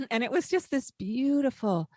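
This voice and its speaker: An older woman co-hosting a parenting podcast, speaking gently and reflectively in casual conversation, with hesitant fillers. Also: high voice, expressive, unhurried, no room sound, clean studio sound. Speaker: podcast co-host.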